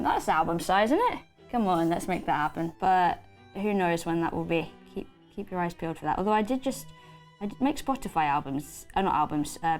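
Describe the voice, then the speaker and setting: A British woman, an actor guest, chatting casually in an interview while she paints, scattered and self-deprecating. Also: fairly low pitch. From Britain.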